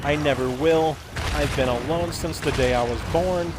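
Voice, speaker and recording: A man hosting a gaming video, telling a rambling, absurd story in a deadpan way and acting out quoted lines in voices. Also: on the high side, moderate pace, noisy background. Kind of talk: rambling comedic monologue while gaming.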